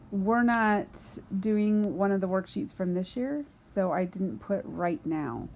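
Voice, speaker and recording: A woman's voice: medium pitch, darkish tone, slight background noise. A woman teaching a recorded grammar lesson, patiently explaining and talking to herself as she writes on a board. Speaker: Spanish teacher.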